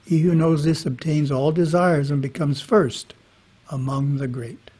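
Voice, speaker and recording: A man giving a spiritual talk, reading scripture in a measured way with brief casual asides. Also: fairly high pitch, fairly even intonation, a little mellow, breathy edge. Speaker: monastery teacher. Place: monastery. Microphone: webinar microphone.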